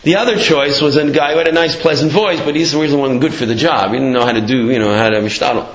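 A man's voice: medium pitch, fast talker. A man giving a casual, storytelling Torah talk, sprinkling in Hebrew and Yiddish terms with many fillers. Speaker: Torah teacher. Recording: echoey dull lo-fi room.

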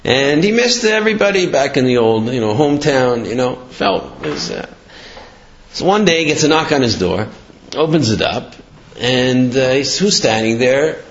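A man giving a Torah talk, halting and restarting as he explains and tells a parable. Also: mid-range voice, lively intonation, slight background noise. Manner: halting, with many fillers and restarts. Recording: echoey room, dull lo-fi.

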